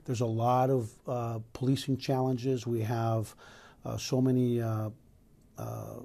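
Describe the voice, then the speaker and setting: A man's voice: medium pitch, takes it slowly, creaky, warm tone. A middle-aged man from Los Angeles, a police chief answering news interview questions in an earnest, emphatic way with many restarts.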